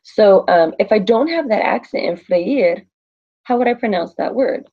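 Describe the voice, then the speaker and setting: Gravelly-voiced woman teaching a lesson. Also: mid-range voice, lively intonation, moderate pace, muffled recording. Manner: chatty, asks questions and answers them herself. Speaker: Spanish teacher. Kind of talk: recorded classroom lesson.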